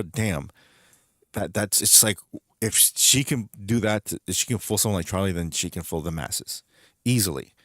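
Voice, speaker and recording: Low-voiced man ranting on stream. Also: dry recording, clean studio sound. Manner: rambling, emphatic, repeats himself. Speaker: streamer host. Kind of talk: casual gaming stream commentary.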